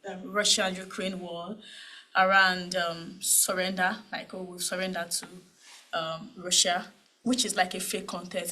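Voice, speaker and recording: A woman's voice: medium pitch, sharp tone, a little hiss or hum, poor audio. A woman with a Nigerian accent speaking at a cybersecurity panel, conversational and full of tag questions and fillers. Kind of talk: conference talk.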